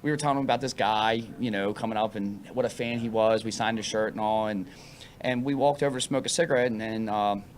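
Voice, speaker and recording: A man's voice: lowish voice, slight background noise. A man in a band, telling a story casually and acting out what people said. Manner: animated, quick storyteller who acts out quotes. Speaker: band member guest. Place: venue room with crowd behind.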